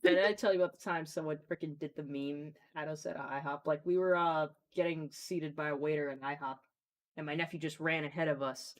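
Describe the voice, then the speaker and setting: A young woman with a fairly low voice hosts a casual live stream. She chats on in a loose storytelling way, cursing freely as she goes. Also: steady tone, brisk. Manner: chatty storyteller, swears freely. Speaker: streamer host.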